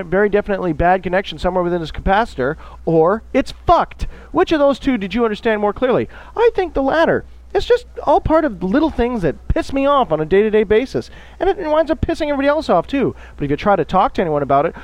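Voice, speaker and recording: A man's voice: high-pitched, dry recording, poor audio. A man hosting his own radio show, ranting at length with constant swearing and sarcastic mock voices. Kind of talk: profane solo rant.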